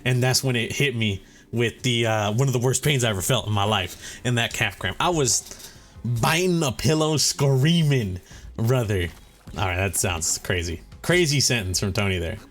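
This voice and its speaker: Young male gaming host, mid-pitch voice, tired and rambling, faint music underneath. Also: moderate pace. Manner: rambling, animated storytelling with acted-out quotes. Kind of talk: casual chat over gameplay.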